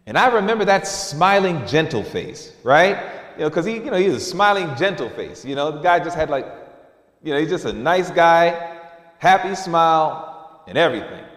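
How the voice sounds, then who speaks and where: A man preaching a sermon, lively, sometimes dropping to a low hush for emphasis. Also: moderate pace. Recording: echoey hall, mic at a distance.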